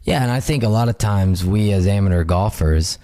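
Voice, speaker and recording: A man's voice: lowish voice, a little fast, mellow. A man hosting a podcast, chatting casually and easygoing with his guest. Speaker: podcast host. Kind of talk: casual chat.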